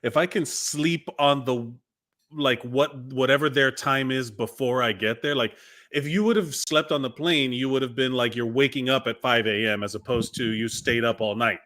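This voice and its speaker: A man's voice: mid-range voice, normal speed, bright, forceful tone. A man co-hosting a podcast, chatting casually and chiming in with short agreeing remarks. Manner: brief agreeing interjections. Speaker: podcast co-host. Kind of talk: casual chat.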